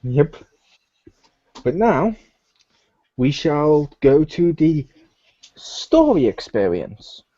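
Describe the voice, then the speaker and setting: A man hosting a casual gaming chat, spinning animated stories and quoting in-game characters along the way. His voice is mellow and a bit higher than usual. The recording is dull and lo-fi. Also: drawn-out words, long pauses. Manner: animated storyteller, acts out game characters' lines. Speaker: podcast host.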